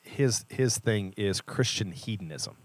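Low-ish guy talking faith stuff, earnest, reflective, dry close sound. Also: lively intonation, unhurried, dry recording. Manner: earnest, reflective, builds to emphatic points. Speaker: church leader and podcast co-host. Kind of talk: casual faith discussion.

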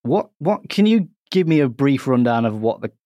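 British male podcast host, jokey and animated, mid-pitched voice, dry close mic. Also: normal speed, no echo. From Britain. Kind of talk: casual gaming podcast chat.

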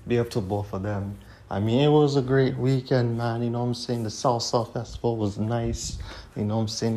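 A man's voice: medium pitch, darkish tone. A man hosting a solo podcast, talking casually and bluntly and ranting, with "you know what I'm saying" in nearly every sentence. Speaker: podcast host. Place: Toronto.

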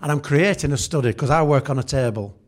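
A man's voice: fairly high pitch, fast. A man preaching a humorous sermon, telling chatty everyday stories and acting out the scenes. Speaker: pastor.

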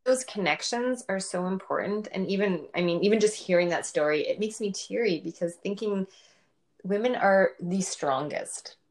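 A woman's voice: medium pitch, moderate pace. A woman hosting a casual interview, encouraging her guest. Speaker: host.

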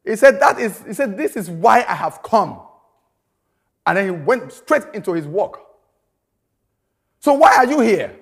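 A man's voice: sits high, sing-song, measured pace, pauses often, slightly rough. A man preaching a sermon, emphatic, repeating phrases and asking rhetorical questions.

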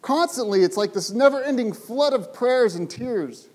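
A man's voice: extremely high pitch, animated, moderate pace, darkish tone. A man preaching a sermon, telling a story with emphasis and asking his listeners rhetorical questions.

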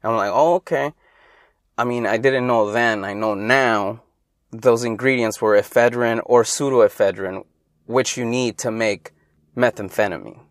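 On his own podcast, a young man from LA rambles loosely through childhood stories, livening up whenever he quotes someone. It's casual solo storytelling in a mid-range voice, with clean studio sound and no room noise.

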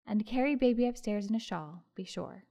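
A woman's voice: medium pitch, brisk, creaky, mellow. A woman doing a brusque, scolding old landlady. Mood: bossy. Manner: scolding, bustling. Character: brusque, sharp-tongued older landlady.

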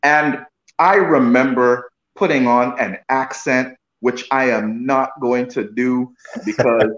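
A man's voice: mid-range voice, steady tone, takes it slowly, fairly bright tone. A man, an actor guest, telling a casual story with many restarts and repeated "you know what I mean.". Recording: roomy, dull lo-fi sound.

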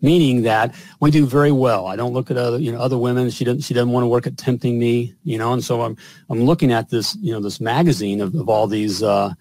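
A man's voice: mid-range voice, fast talker, darkish tone, no echo. A middle-aged man hosting a show, telling a personal story in a rambling way with lots of fillers and chuckles. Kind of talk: casual storytelling.

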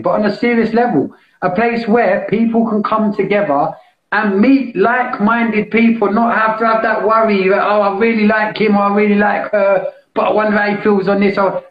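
A British man hosting a live meditation session, talking casually and enthusiastically as he pitches a membership, with frequent restarts. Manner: enthusiastic, salesy, restarts often. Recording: echoey, dull lo-fi sound.

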